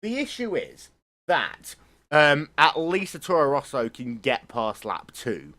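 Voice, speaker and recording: A man's voice: on the high side, wildly swooping pitch, unhurried, sharp tone. A man co-hosting a casual motorsport chat, rambling and opinionated, swearing freely. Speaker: motorsport show co-host.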